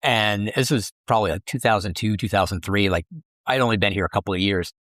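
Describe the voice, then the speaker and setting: A middle-aged man, a guest on a podcast, tells animated anecdotes about his sideshow life, often restarting his sentences. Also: lowish voice, fast, no echo, studio quality. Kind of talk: casual interview storytelling.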